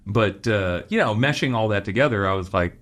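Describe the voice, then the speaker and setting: A man from Los Angeles, a clothing store owner guesting on a podcast, telling rambling, animated anecdotes with frequent laughs. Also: on the low side, a little fast. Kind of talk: casual storytelling interview.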